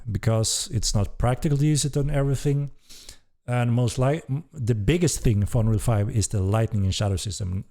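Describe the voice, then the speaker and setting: A man hosting a casual live-stream Q&A as a game developer, reading chat questions aloud with relaxed, hesitant speech and casual swearing. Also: mid-range voice.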